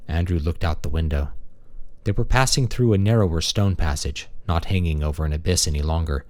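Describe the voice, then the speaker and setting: A man reading a science fiction audiobook in a steady, measured way. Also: rumbling low, no echo. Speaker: audiobook narrator. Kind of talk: scripted narration.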